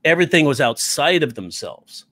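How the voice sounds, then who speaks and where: A man's voice: a little high, normal speed. A middle-aged man teaching comedy writing in a casual, jokey way, often acting out bits of dialogue. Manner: animated, jokey, acts out quotes. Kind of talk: casual comedy class talk.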